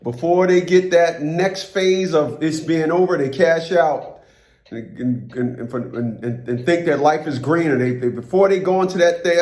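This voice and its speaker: A man's voice: fairly high pitch, moderate pace, darkish tone, reverberant. A man hosting a talk show, blunt and opinionated, repeating his own catchphrases. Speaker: host.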